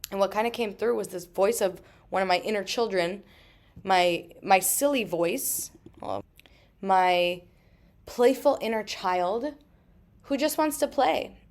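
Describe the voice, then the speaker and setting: Emphatic, swearing woman podcast host. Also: mid-range voice. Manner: emphatic and swearing, quick asides. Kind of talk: solo podcast monologue.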